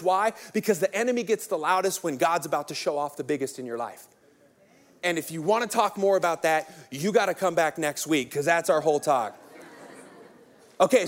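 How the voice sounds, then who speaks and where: A man in his thirties, a pastor preaching a sermon as an energetic, joking storyteller. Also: high-pitched.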